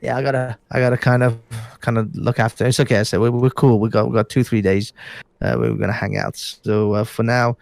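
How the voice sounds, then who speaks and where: A man's voice: medium pitch, level tone, a little fast, gravelly, darkish tone, a little hiss or hum. A tired man talking in a casual late-night chat, rambling with many hesitant restarts. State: tired, yawning. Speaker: podcast guest.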